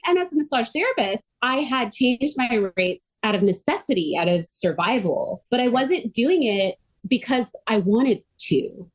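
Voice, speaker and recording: A middle-aged woman telling her story as a podcast guest, earnest and animated, full of "like" fillers. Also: fairly high pitch, normal speed. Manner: earnest and animated, frequent "like" fillers, quotes others in her own voice. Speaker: podcast guest, myofascial release therapist. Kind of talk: conversational interview storytelling.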